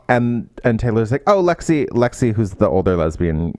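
Man, casual book-podcast co-host, lively pitch, dry close sound, does quick character voices. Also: no room sound. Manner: animated, acts out character quotes in lifted voices. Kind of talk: casual book review chat.

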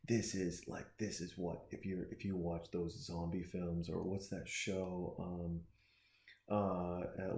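Man, deep and mellow, excitable profane monologue, roomy echo. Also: slight background noise. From Austin, Texas. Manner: profane, preachy and excitable, with frequent restarts. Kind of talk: casual rambling monologue while watching a movie.

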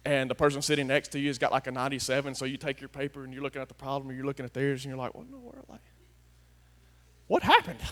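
A man preaching a folksy sermon, swinging from hushed asides to loud, emphatic declarations. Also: mid-range voice, completely flat delivery, very fast, hardly any pauses. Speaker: pastor.

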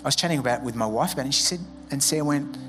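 A man's voice: medium pitch, racing, fairly bright tone, soft background music. A man preaching a sermon as a pastor, conversational and joking, acting out quoted voices. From Australia.

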